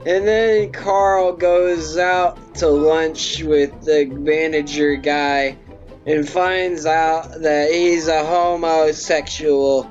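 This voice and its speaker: A drunk film reviewer rambling through a profane comic plot recap. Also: medium pitch. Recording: dull lo-fi with faint music.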